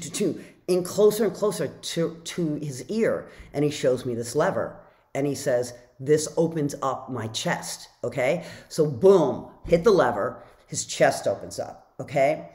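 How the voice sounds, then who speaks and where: A woman author telling a personal story in a casual vlog, chatty and animated, full of "like" fillers and acting out her own reactions. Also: sits low.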